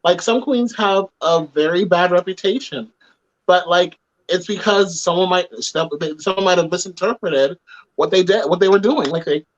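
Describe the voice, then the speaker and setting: A man's voice: high voice, normal speed, dull audio. A man hosting a casual group chat, talking in an emphatic, opinionated way. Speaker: podcast host.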